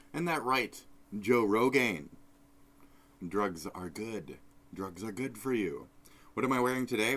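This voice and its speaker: Profane rambling man with a deep voice. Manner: profane, rambling, swings between loud outbursts and mumbles. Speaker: streamer host. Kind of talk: casual live-stream rant.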